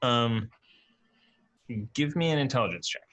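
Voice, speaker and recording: A man as dungeon master, running a tabletop game and pausing with fillers as he improvises rulings. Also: medium pitch, expressive, fairly bright tone. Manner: hesitant, lots of fillers while improvising.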